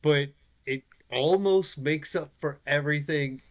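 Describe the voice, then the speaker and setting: A man co-hosting a movie podcast, chiming in with quick reactions and casual swearing. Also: on the high side. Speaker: podcast co-host.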